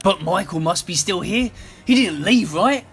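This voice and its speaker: Man voicing greedy old Scrooge, storybook, high and panicky. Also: sing-song, fairly quick, a bit bright, soft background music. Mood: frantic. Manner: scoffing, turning frantic and desperate. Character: greedy old male game-company boss Scrooge.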